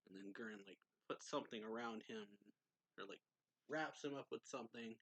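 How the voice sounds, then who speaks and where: A man casually recapping a manga chapter as a reviewer, rambling with many fillers and quick laughs. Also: on the low side, fairly bright tone, slightly rough, no echo. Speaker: anime reviewer.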